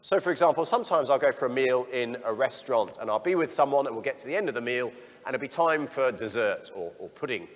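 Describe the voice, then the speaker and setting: A middle-aged priest preaches in a frank, self-deprecating style, his voice at an ordinary man's pitch. His words trail off into the long reverb of a church. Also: animated, quick pace. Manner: candid, self-deprecating storytelling. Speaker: parish priest. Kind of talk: sermon.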